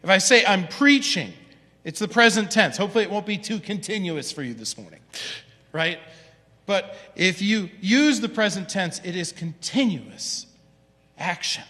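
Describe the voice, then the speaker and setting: A man's voice: sits high, very animated, normal speed, bright, forceful tone, long reverb tail. A man preaching a sermon as pastor, in a conversational way, often checking in with "right?". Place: church sanctuary.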